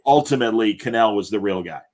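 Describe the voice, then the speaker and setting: A man's voice: lowish voice, animated, quick pace, a little mellow. A man co-hosting a casual podcast, rambling through film and TV trivia with many restarts and corrections. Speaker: podcast co-host.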